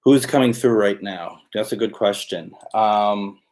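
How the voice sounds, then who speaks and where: A man's voice: lowish voice, a little slow, a little mellow. A man hosting a live spirit box session, chatting casually while calling out to spirits and talking to his cat. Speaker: host.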